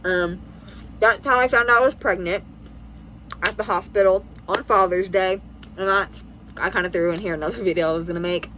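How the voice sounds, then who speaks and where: A young American woman vlogging in a casual storytime, rambling and animated as she acts out what everyone said. Her voice is bright and forceful, with a faint hum of noise behind her. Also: mid-range voice, fairly quick, poor audio. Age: 20s. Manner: rambling, animated retelling with quoted dialogue. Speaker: family vlogger.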